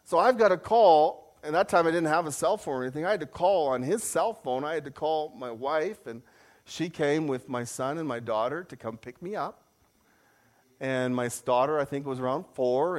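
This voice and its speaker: Guy preaching, tells a funny story on himself, voice shoots up when he gets worked up, kinda high pitched. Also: moderate pace. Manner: animated storyteller, voice jumps high when mimicking outrage; self-deprecating humor. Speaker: pastor. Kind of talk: sermon with personal story.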